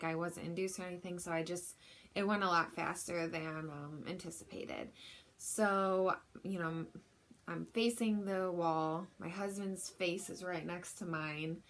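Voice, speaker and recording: A woman's voice: fairly low pitch, a bit bright. A young woman casually telling a personal story in a candid, chatty, self-deprecating way. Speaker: vlogger.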